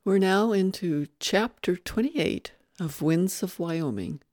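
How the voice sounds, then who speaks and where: A narrator reading a western novel aloud in a steady, hushed storytelling manner. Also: mid-range voice, slow, over music.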